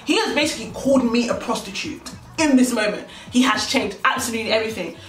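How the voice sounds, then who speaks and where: A young woman telling a personal story on her vlog in an animated way, often talking straight to her viewers. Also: fairly high pitch, quick pace. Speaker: vlogger. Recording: echoey room, distant mic, faint music.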